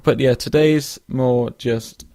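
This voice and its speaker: A man's voice: medium pitch, steady tone, slow, warm tone, no echo, studio quality. A young man hosting a casual solo podcast, rambling with lots of fillers and restarts and yawning now and then. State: yawning, drowsy. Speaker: podcast host.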